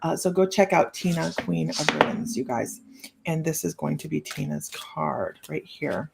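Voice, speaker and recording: A woman's voice: deep voice, moderate pace, gravelly, darkish tone, slight background noise. A woman hosting a casual live psychic-reading stream, chatty and playful, laughing often as she reads out cheeky card lines. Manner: giggly, chatty, laughs often between remarks.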